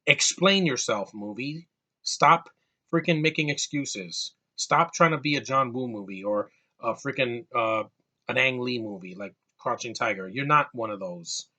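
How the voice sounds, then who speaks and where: A man's voice: medium pitch, measured pace, sharp tone. A man giving a casual, exasperated movie rant, often restarting and repeating words. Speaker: movie reviewer.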